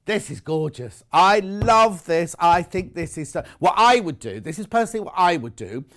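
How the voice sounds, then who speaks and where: A man's voice: high-pitched, lively intonation, moderate pace, fairly bright tone. Gushing British man presenting a sales show. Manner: gushing, chatty, exclaiming over fabrics. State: out of breath. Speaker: shopping channel presenter. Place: TV studio.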